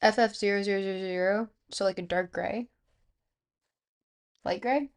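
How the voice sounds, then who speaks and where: Young woman from South Florida, casual stream chatter, fry in the voice, a bit hoarse from being sick. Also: medium pitch, fairly even intonation, normal speed. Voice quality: vocal fry. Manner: rambling, hesitant, lots of fillers. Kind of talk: casual live-stream chat. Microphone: close streaming microphone.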